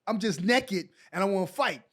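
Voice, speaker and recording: A man in his forties from New York, a guest on a podcast, telling animated stories full of "like" and "so". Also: high voice, moderate pace. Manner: lively anecdotes packed with "like" and "so". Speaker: guest, former pro basketball player. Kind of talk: animated storytelling in a podcast chat.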